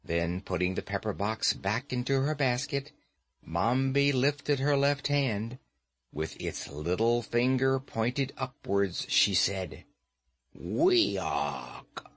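Slow, expressive male storyteller. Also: mid-range voice. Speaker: audiobook narrator. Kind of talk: scripted narration.

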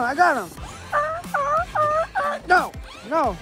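A woman's voice: sits high, lively intonation, a little slow, pauses often. A woman playing with a toy monster truck for her child's video, sing-song and full of exaggerated exclamations. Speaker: parent filming a toy video. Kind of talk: playful toy play with a child. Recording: loud background music.

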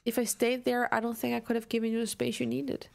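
A woman reading aloud a caring immigrant mother in a game, gentle and explaining. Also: a little high, completely flat delivery, fast, creaky. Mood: tender.

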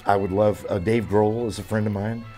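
A man in his seventies with a very low, deep voice, telling stories in an interview. He rambles, with plenty of fillers and restarts, and sounds enthusiastic. Faint music plays behind him. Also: little pitch movement, brisk, warm tone. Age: 70s. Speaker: drummer.

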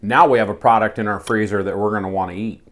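A man's voice: on the low side, fast talker. A man co-hosting as a butcher, chatting casually and teasing his partner while they taste the food. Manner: teasing, relaxed. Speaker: butcher and co-host. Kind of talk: casual tasting chat.

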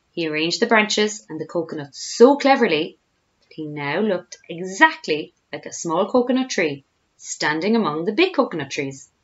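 A woman, a teacher, reading a children's storybook aloud with expressive storytelling. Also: fairly low pitch, lo-fi sound.

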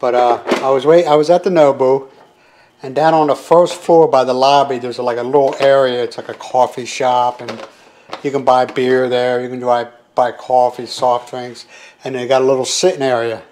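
A man's voice: medium pitch, fairly even intonation, normal speed, a little mellow, a little hiss or hum. An older man from the United States, telling a long story to his vlog audience in a rambling, conversational way with many asides. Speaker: vlogger. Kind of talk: casual storytelling to camera.

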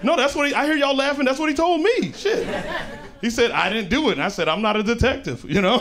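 A young man with a very high-pitched voice and lively intonation does a stand-up set on a club stage at normal speed. His delivery is brash, slangy, and punchy, with loud audience laughter behind him.

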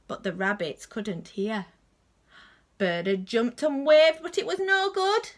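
A woman from a nursery reading a children's story aloud with slow, expressive delivery. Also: on the high side.

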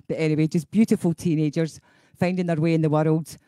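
A woman's voice: low voice, a little slow, warm tone, dry recording, studio quality. A middle-aged woman with a Scottish accent, a singing teacher hosting a casual live stream, chatty and laughing, going off on tangents.

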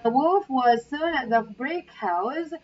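A woman reads a children's story aloud very slowly and carefully, pausing for little asides. Her voice is fairly high, and the recording is muffled and dull, with her sitting a bit away from the mic. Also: animated, distant mic, a little hiss or hum. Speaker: English teacher trainee.

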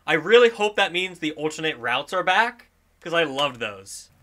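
Excitable young man gaming on video. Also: fairly high pitch, normal speed. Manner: excitable, exclaiming, talking to himself while playing. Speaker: gaming YouTuber. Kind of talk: excited let's-play commentary.

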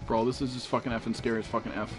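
A man streaming a horror game, panicking, yelling and swearing heavily as he plays. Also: mid-range voice, little pitch movement, rapid-fire. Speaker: gamer streamer. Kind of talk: horror game live commentary. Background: game music and sound effects.

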